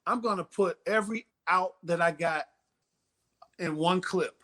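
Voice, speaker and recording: A man's voice: high-pitched, measured pace. A man in his sixties, a former ballplayer, telling stories in a casual interview and acting out the voices of people he quotes. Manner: animated storyteller, acts out quoted voices. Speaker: former pitcher, guest.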